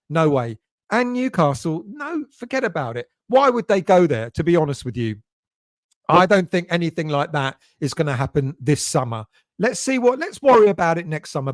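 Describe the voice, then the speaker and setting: A man's voice: a little high, dry recording, studio quality. A man hosting a casual live stream, chatting and greeting viewers by name as he reads their messages. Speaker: fan channel host reading live chat.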